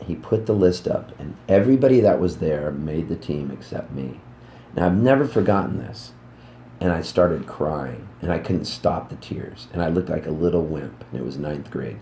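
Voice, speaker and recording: A man in his fifties, a musician, telling rambling, animated anecdotes in a casual interview backstage at a music club. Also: a bass voice, normal speed, creaky, roomy sound, slight background noise. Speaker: musician guest.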